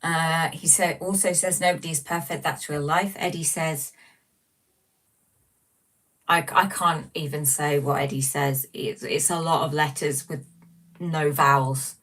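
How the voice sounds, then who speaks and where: A chatty woman hosts a relaxed livestream, reading out viewer comments and poking fun at herself as she rambles on. Her voice sits low for a woman. She sounds a little distant from the mic in a small room. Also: unhurried. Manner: chatty, rambling and self-mocking. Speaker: livestream host.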